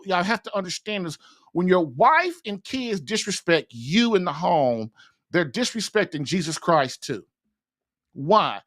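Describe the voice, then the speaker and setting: Male host, high-pitched, blunt and folksy, rambling advice talk. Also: fairly bright tone. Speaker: podcast host, marriage advice. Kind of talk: casual advice monologue.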